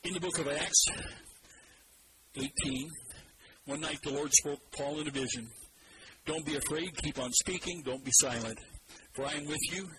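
A man preaching a sermon, animated and drawing the congregation in to repeat verses after him. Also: fairly high pitch, normal speed, long pauses. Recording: loud background noise.

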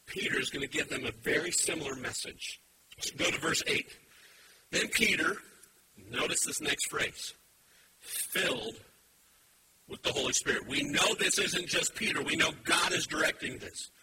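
A man preaching a sermon to a live congregation, animated and emphatic, cracking playful puns. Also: sits high, moderate pace, far from the mic, noisy background. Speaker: pastor.

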